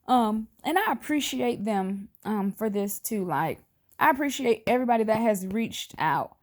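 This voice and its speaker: A grieving mother holding back tears as she records a personal video message to camera, speaking earnestly and haltingly, her sentences often trailing off. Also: a little high, animated, darkish tone.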